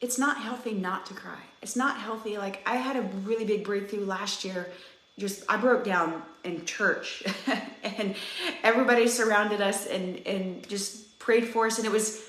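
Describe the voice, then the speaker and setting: A woman's voice: medium pitch, normal speed, a bit bright. A woman in her thirties, a fitness coach, giving an earnest, chatty pep talk to her live-stream viewers and speaking right to them. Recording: roomy echo.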